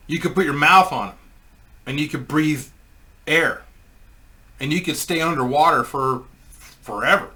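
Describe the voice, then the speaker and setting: A man's voice: mid-range voice, bright, forceful tone. A man telling a rambling, crude comic anecdote in a casual way, laughing at his own story.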